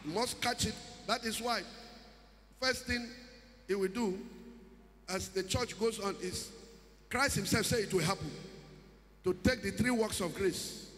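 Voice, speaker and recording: A man's voice: high voice, a little slow, pauses often, sharp tone. A man preaching a sermon with emphatic delivery, now and then breaking into song. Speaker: pastor. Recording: music behind, long reverb.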